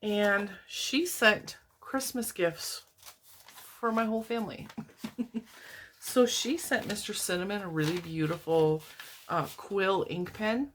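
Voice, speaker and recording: A middle-aged woman vlogging from home, chatty and rambling as she opens mail from viewers, laughing often, her voice jumping high when excited. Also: unhurried, slight background noise. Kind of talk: casual chat. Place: home, indoors, TV on in the room.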